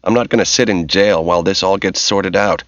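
Narrator doing a bossy determined guy, curt and insistent, deep voice, dry dull audio. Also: brisk, a bit bright, no room sound. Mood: urgent. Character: determined commanding man in a crisis.

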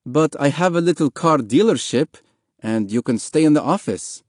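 A man voicing a kind elderly man who speaks slowly and gently. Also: a little high, lively intonation, no echo, clean studio sound, voice pushed up. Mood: gentle. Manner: slow, gentle, measured.

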